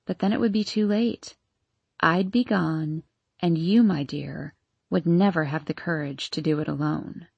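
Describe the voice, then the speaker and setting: A woman plays a scheming nurse for an audiobook, deep and sultry with a husky breathiness. She talks slowly and coldly, pressing her demands. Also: dry recording, dull audio, exaggerated voice. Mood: coldly menacing. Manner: cold, demanding, measured. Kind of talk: audiobook character voice.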